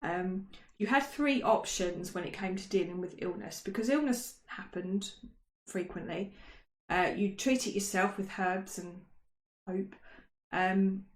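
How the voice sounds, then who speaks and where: A woman's voice: medium pitch, a little slow. A woman co-hosting a casual history chat, chatty and self-mocking, with frequent ums. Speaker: podcast co-host. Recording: roomy echo.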